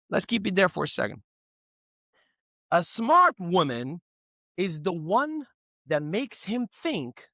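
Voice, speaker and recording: A man's voice: sits high, dry recording. A middle-aged man giving a motivational relationship talk to a live audience, telling stories and acting out the quotes. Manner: animated storyteller, acts out quotes. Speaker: relationship speaker.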